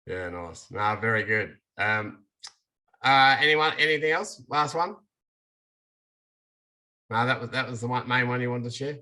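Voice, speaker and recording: A man's voice: medium pitch, a little slow, long pauses, sharp tone. A man hosting an umpires' online meeting, hesitant with many fillers and encouraging. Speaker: umpires' coach running the meeting. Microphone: video call.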